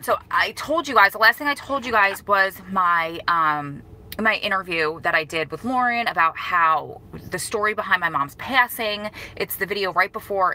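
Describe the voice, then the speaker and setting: A woman's voice: lowish voice, bright, forceful tone, a little hiss or hum, poor audio. A woman in her thirties talking casually to her viewers in a live-stream update, emotional and rambling, correcting herself and breaking off to greet people. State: grieving, emotional. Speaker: vlogger.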